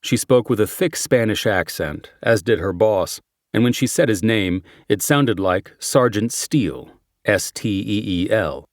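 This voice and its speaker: A man reads a crime thriller audiobook in a measured, steady manner. His voice sits low. The recording is close and dry, with no room sound. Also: no echo. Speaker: audiobook narrator. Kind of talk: scripted narration.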